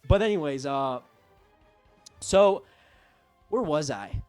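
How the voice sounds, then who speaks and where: Animated young man ranting profanely. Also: fairly high pitch, takes it slowly, clean tone, soft background music. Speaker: vlogger. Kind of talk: casual storytime rant.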